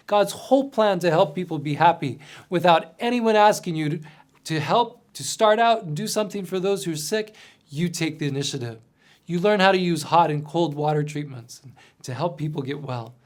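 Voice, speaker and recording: Earnest, slightly high-voiced male narrator. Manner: earnest, gently dramatic storytelling with soft drops. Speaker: mission storyteller. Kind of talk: scripted second-person narration.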